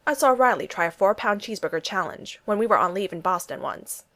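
A woman's voice: mid-range voice, very animated, brisk, fairly bright tone. Woman reading as a teasing, wisecracking soldier friend.

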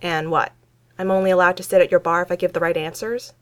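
A woman reading fan fiction aloud, voicing a brash, excitable young woman at a bar who talks bluntly and sarcastically. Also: fairly low pitch, fast talker, natural voice. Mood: sassy.

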